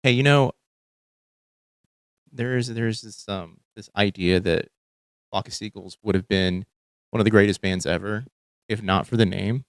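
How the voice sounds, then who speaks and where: A man's voice: on the low side, normal speed, pauses often, no room sound. A young man from Texas with a light Texan accent, hosting a casual podcast and talking through news clips with many fillers and restarts. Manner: rambling, thinking aloud with many fillers. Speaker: podcast host.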